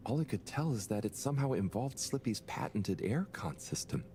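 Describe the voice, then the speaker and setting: A mild, flustered young janitor in a video game, hesitant and polite, with a sing-song voice that swings high and low. He sneezes now and then, and faint noise sits under the voice. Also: expressive, normal speed, dark tone. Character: gentle awkward young man janitor, easily flustered.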